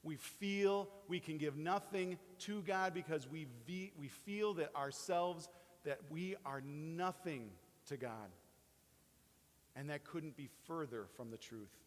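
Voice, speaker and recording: A man preaching a sermon as pastor, dropping soft for quotes and rising with excitement. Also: a little high, slow. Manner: swings between hushed quoting and rising excited emphasis. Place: church sanctuary. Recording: long hall reverb.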